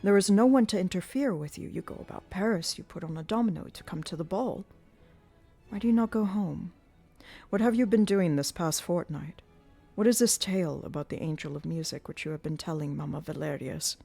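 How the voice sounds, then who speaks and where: A woman's voice: on the low side, a little fast, vocal fry, mellow, soft background music. Woman voicing a bitter jealous young nobleman. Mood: pleading. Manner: sarcastic, reproachful.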